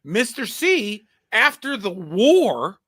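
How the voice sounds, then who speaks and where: A man in his forties hosts a casual podcast, his voice high and bright with wide, lively swings in pitch. He tells stories with real energy, acting out quotes and laughing through them. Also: slow pace, slightly rough. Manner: animated, storytelling with put-on quotes and laughs. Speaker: podcast host. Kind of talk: casual chat.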